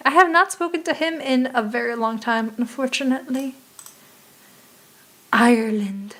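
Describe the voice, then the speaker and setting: A woman's voice: on the high side, normal speed, a bit bright. A young woman streaming a geography game, chatting casually and muttering profanely in exasperation as she plays.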